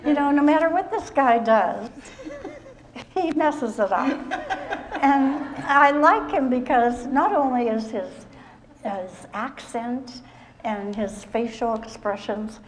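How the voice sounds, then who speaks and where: Taking it slowly, a fitness instructor with a fairly high voice guides the audience through seated exercises at a live stage show. Her cues are short, calm and step by step, and she keeps up the encouragement. Background music runs under her voice.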